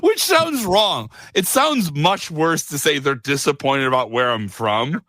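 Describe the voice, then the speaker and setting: A man's voice: fairly high pitch, unhurried, no echo, studio quality. A man hosting a casual podcast interview, chatty and joking, the talk of a radio personality. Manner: chatty, lively, jokey asides. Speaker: guest host and radio personality.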